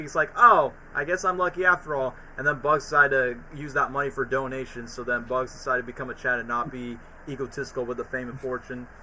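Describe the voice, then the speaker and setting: A man chats casually on a stream, rambling through recaps full of fillers. His voice is very bright and slightly high. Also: slight background noise, rough recording. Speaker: streamer ranking cartoons. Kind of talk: casual chat.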